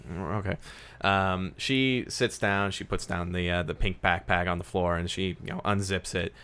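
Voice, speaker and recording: Male game master, bright lowish voice, loose filler-heavy narration. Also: fairly even intonation, normal speed, clean tone.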